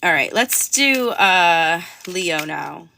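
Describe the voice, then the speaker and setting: A woman's voice: lowish voice, expressive, slow, creaky, sharp tone, a little hiss or hum. A young woman chatting casually on a livestream while reading tarot cards, rambling with lots of fillers. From Canada. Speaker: tarot reader.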